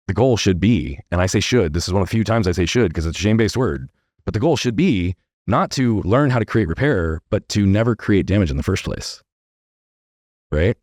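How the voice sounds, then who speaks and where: A man's voice: deep voice, no room sound, clean studio sound. A middle-aged man, a guest on a podcast, telling a family story earnestly and often checking in with "right?". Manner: earnest, animated storytelling with many "right?" tags.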